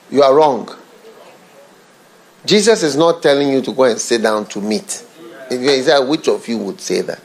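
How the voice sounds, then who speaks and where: A man preaching a sermon as a bishop, dropping to low murmurs and whispers and then rising into excited, lively preaching. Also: moderate pace.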